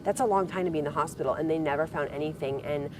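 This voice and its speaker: A woman's voice: deep voice, very fast, background noise. A young woman telling a long personal story in casual conversation, full of "like" and acted-out quotes. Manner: rambling storytelling with many "like" and "I'm like" quotes. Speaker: reality show contestant.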